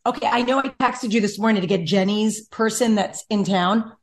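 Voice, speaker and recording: A woman's voice: mid-range voice, moderate pace. A young adult woman hosting a casual chat, telling a rambling story and acting out what others said. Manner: chatty rambling storyteller, acts out quotes. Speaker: podcast host.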